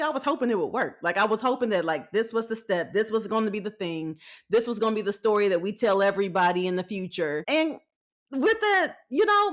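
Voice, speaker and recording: Lively, animated woman host. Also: medium pitch. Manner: animated storytelling with acted-out quotes; folksy, frank, laughs often. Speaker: podcast host. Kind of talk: casual faith-based advice talk.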